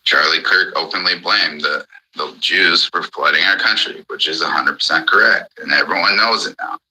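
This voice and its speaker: A man's voice: low-pitched, normal speed, pushed and bright, breathy edge, poor audio. A man in an angry, profane ranting monologue on a live audio chat, hammering the same points again and again. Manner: furious, profane, repetitive.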